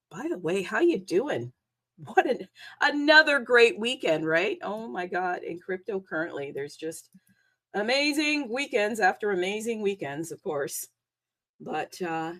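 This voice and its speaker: A woman's voice: mid-range voice, a bit bright. Bubbly woman hosting a crypto stream. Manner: chatty, bubbly, rambling, with frequent fillers. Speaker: crypto livestream host. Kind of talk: casual solo livestream chat.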